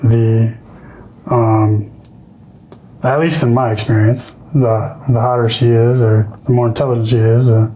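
A man's voice: medium pitch, steady tone, a little slow, mellow, a little hiss or hum, poor audio. A young man on a podcast, talking casually and hesitantly, often restarting his sentences. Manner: hesitant, many restarts and fillers. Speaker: podcast guest.

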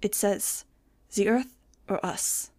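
French-accented TV field reporter, crisp on-air delivery, put on by a woman reader. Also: mid-range voice, slow pace, darkish tone. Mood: reporting.

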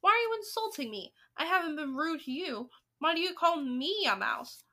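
A woman voicing a loudmouthed spoiled boy who has been turned into a mouse, indignant and shouty, in a storybook reading. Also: high-pitched, expressive, fairly quick, pitched above the performer's own voice.

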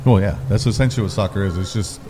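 A man's voice: lowish voice, quick pace, background noise. An American man co-hosting a podcast, laid-back and joking in casual chat.

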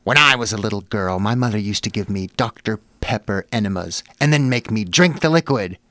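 A man's voice: lowish voice, expressive, brisk, pushed and bright, dry recording. A man voicing a well-dressed older woman who leans in close to confide something shocking. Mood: intense. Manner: leaning in close, intense.

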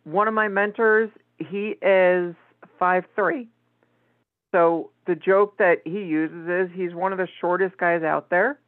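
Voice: mid-range voice, fairly even intonation, slow, no echo. Host on a tinny phone-like line. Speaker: interview host. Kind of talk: casual interview talk.

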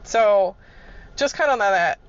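A woman's voice: medium pitch, expressive, measured pace, muffled recording. A woman telling casual work stories in a laid-back, chuckling way, swearing freely. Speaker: vlogger. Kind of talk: casual storytelling.

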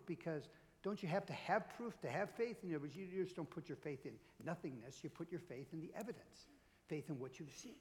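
A middle-aged man preaching a sermon as pastor, in an animated, conversational way. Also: a little high, fairly quick, long reverb tail, slight background noise.

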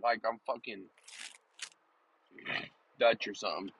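A man's voice: mid-range voice, moderate pace, sharp tone, muffled recording, slight background noise. A man vlogging in a rambling, joking, profane casual monologue. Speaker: vlogger and podcaster.

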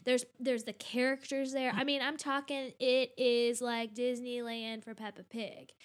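A woman telling lively parenting stories in casual chat, acting out her child's lines. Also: fairly high pitch, measured pace. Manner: animated storyteller who acts out her daughter's lines. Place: home in a big city.

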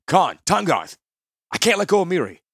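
A man's voice: high-pitched, big pitch swings, normal speed, vocal fry, fairly bright tone, breathy edge, no echo, studio quality, pitched above the performer's own voice, exaggerated voice. A man reading a fantasy audiobook, voicing a young male hero who calls out urgently to his crew. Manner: urgent, raised voice.

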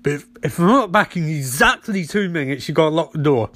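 An earnest young hero talking fast about saving everyone, as a man plays him. It sounds urgent, in the performer's own high, bright voice. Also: expressive. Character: earnest young male hero ready to sacrifice himself.

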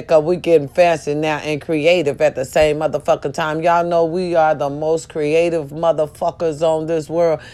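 Woman vlogger, casual and profane, lowish voice, animated storyteller. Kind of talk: casual talk to viewers.

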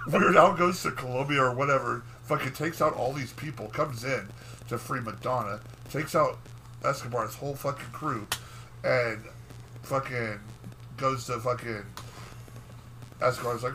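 Man, podcast co-host, rambling recap, swearing, bright tone, faint background hiss. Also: medium pitch, normal speed, rough recording. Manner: rambling, profane plot recap with filler words. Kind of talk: casual chat.

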